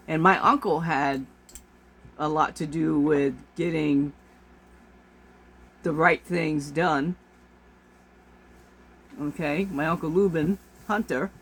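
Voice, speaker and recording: A woman's voice: low voice, takes it slowly, long pauses, breathy edge. A woman vlogger delivers an exasperated, emphatic rant to camera, repeating her points for force. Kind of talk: ranting monologue to camera.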